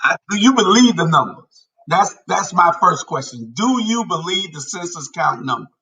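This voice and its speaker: A man's voice: high voice, big pitch swings, normal speed, gravelly, sharp tone. A man hosting a casual talk show, giving blunt, emphatic opinions. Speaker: show host. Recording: distant from the mic.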